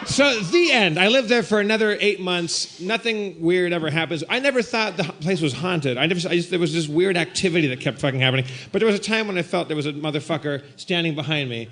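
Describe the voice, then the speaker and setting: A man with a slightly high voice spins a comedic ghost story for a live audience. He talks in an animated rush and keeps breaking into loud, shouted bits. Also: quick pace, hardly any pauses. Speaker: guest storyteller. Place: live stage show before an audience.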